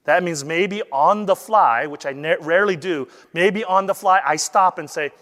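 A man teaching how to deliver a sermon, lively and acting out the voices he quotes. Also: high-pitched, normal speed, in a large hall. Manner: animated, acts out quoted voices. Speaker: preaching instructor.

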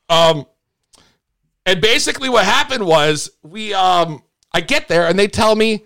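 A man's voice: sits high, animated, a little slow, sharp tone. A man hosting a live stream, telling a long story in a casual way, swearing freely and often restarting his sentences. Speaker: livestream host.

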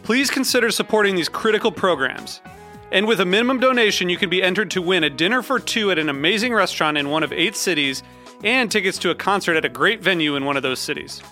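A man reads a fundraising appeal for a radio station, earnest and even. His voice is bright and sits high for a man. Soft music plays faintly behind him. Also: fast. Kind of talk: read donation appeal.

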